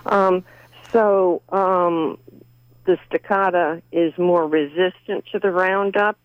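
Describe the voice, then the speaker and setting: A woman calling in to a garden radio show, speaking in a hesitant, halting way with many fillers. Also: lowish voice, steady tone, no room sound. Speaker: radio caller. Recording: tinny phone line.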